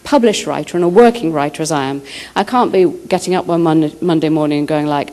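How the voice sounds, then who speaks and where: Woman author chatting with students, tells stories lively, does the voices, kinda low pitched. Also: fairly quick. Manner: lively storyteller who acts out quotes. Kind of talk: school talk answering questions. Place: high school.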